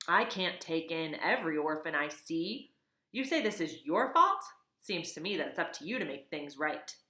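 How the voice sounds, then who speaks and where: A woman's voice: sits low, very animated, normal speed, sharp tone, reverberant, exaggerated voice. A woman voicing a fussy, stern old female goose who scolds and bosses. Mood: scolding. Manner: scolding, bossy.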